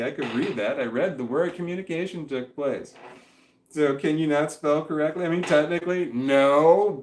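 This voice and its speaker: A man's voice: medium pitch, slight background noise. Rambling, foul-mouthed man in an echoey room. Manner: rambling, swears constantly, loses his train of thought. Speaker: livestreamer answering chat. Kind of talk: rambling casual monologue.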